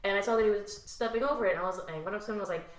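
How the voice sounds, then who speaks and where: A young woman telling a story as a podcast guest in casual chat, animated, swearing freely and acting out what people said. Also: medium pitch, very fast. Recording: roomy echo.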